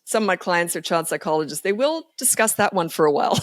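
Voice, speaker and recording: A woman's voice: on the low side, lively intonation, fast, dry recording, studio quality. A woman speaking as a parenting coach guest in a casual podcast interview, blunt, emphatic and sure of herself. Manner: blunt, emphatic and self-assured.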